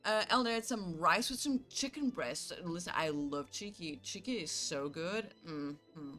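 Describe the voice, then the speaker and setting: A woman's voice: on the low side, animated, unhurried, pushed and bright, faint music behind. A woman streamer from Canada chatting casually with her chat, telling stories animatedly, acting out both sides and swearing freely.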